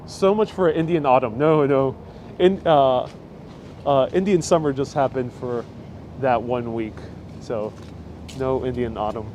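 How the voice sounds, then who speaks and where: A man's voice: medium pitch, a little slow, a little mellow, slight background noise. Chatty man on a city walk. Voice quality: chatty, rambling, reads out viewer comments. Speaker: host. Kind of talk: live walking tour stream. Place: outdoors on a city street. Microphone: wireless lapel mic.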